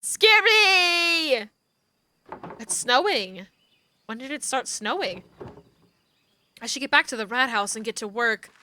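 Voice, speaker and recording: A woman's voice: on the high side, expressive, moderate pace, long pauses, sharp tone, slight background noise. A young woman streaming a game live, reading its text aloud and reacting with gasps, shrieks and lots of swearing.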